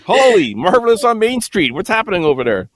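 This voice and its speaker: Man, podcast game host, joking and laughing, lively up-and-down voice, a bit high, faint music. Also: fairly quick. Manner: jokey, laughing, stumbles over reads. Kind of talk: casual comic hosting.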